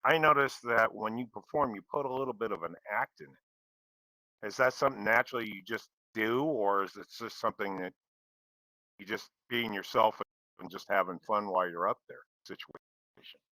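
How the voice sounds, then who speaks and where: A man hosting a podcast in casual chat, joking and swearing, laughing loudly at his guest. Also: fairly low pitch, moderate pace, dry recording, poor audio. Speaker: podcast host.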